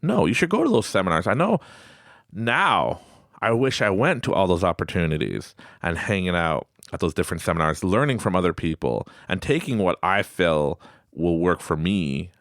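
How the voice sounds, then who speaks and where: Low-voiced male host in his late 30s, animated motivational storyteller who slips into quoted voices. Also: moderate pace, dry recording, studio quality. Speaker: podcast host. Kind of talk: motivational self-help talk.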